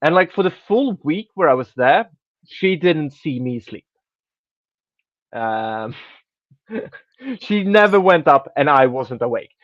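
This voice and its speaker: A man's voice: on the high side, expressive, slow, long pauses, no echo. A man telling a rambling story in casual podcast chat as host, restarting sentences and swearing offhandedly. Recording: dry, dull lo-fi sound.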